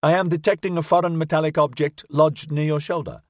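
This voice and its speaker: A man voicing a proud male snake robot with a rapid, piping voice. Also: on the high side, steady tone, dry recording, studio quality, pitched above the performer's own voice, close to an everyday voice. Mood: precise.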